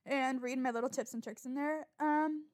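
A young woman hosting a solo podcast, rambling in an animated, swearing manner and getting riled up as she talks. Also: sits high, moderate pace. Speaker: podcast host.

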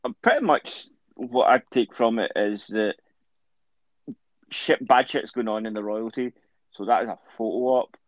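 A man's voice: medium pitch, animated, measured pace, long pauses, no echo, muffled recording. A man co-hosting a podcast, talking loosely and swearing casually. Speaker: podcast co-host. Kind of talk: casual chat.

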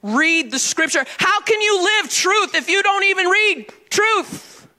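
A woman's voice: very high voice, expressive, measured pace, bright, forceful tone. A woman pastor preaching a sermon in a church, emphatic and calling on the congregation to answer back. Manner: emphatic call-and-response preaching. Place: church sanctuary.

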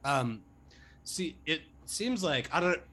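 A man playing in a tabletop game who talks hesitantly and deliberately. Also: a little high, lively intonation, pushed and bright. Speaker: player. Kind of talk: casual tabletop play.

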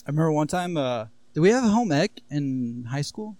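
A young man casually telling profane, laughing high school stories on a podcast and acting out what people said. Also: expressive, brisk, darkish tone, no echo. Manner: profane, laughing storyteller who acts out quotes. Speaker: podcast co-host. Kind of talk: casual storytelling chat.

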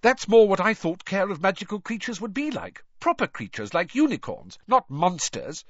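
Un uomo che fa una ragazza fredda e sprezzante. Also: male voice, high-pitched, big pitch swings, normal speed, dry recording, muffled recording, pitched above the performer's own voice. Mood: approving. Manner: hard, cool. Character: teen schoolgirl, cool and dismissive.

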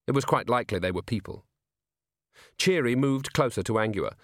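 A man narrating an audiobook in a measured, clear reading voice. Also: mid-range voice, animated, a bit bright, no echo. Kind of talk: scripted narration. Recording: dry close studio sound.

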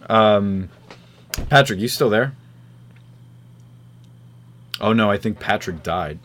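A young man from the New York area with a lowish voice chats loosely on a podcast. He swears freely, trails off with "um" and "like", and keeps the talk relaxed and rambling. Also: takes it slowly, a little hiss or hum. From New York tri-state area. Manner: casual, swears a lot, trails off with fillers. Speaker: podcast host. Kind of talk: casual group chat.

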